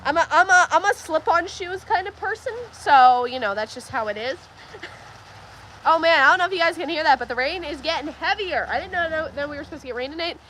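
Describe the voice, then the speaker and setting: Bright, chatty young woman on a livestream. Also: high-pitched, animated, fast talker, hardly any pauses, a little hiss or hum. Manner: chatty, laughs often, reads viewer comments aloud. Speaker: livestream host. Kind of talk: casual livestream chat. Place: farm barn with rain outside. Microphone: phone livestream.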